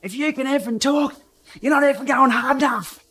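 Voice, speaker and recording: Give me a man playing a blunt Australian bike racer barking a crude, mocking taunt in a high, strained voice. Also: brisk, bright, forceful tone, slightly rough, full character voice. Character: gruff male cycling rival, blunt and mocking.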